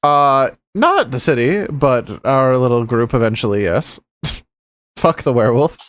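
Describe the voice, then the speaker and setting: A man's voice: medium pitch, very animated, a little slow. A man playing a tabletop game, talking casually with laughs and swearing. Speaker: player.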